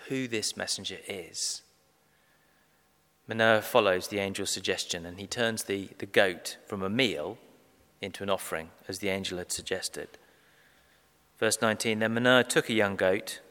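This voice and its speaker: A man preaching a sermon, measured and emphatic, slowing down to stress key phrases. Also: on the low side, bright, forceful tone. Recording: long reverb of a large hall.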